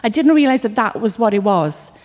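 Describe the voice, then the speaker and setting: A woman from Wales preaching a sermon, telling stories with lively acted asides. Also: on the high side, a little fast, in a large hall. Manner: animated storytelling with acted asides.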